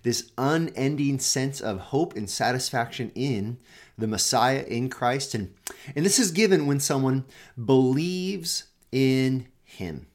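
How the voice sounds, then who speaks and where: A man's voice: mid-range voice, animated, slow pace. Pastor guy doing a daily devotional, reads the verses then talks them through, repeats himself a lot. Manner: reads scripture aloud, then paraphrases it conversationally with frequent repeated words. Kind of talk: devotional Bible teaching.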